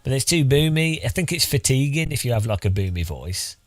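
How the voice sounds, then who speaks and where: A man's voice: medium pitch, very animated, brisk, faint music behind. Rueful man counting into a mic. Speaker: streamer. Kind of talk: live stream mic testing. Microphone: close studio microphone.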